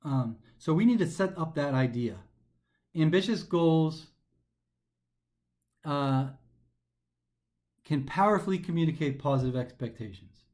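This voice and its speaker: Animated man explaining test answers. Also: on the high side, unhurried, long pauses. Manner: animated, thinks aloud, reads passages then comments. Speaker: test prep instructor.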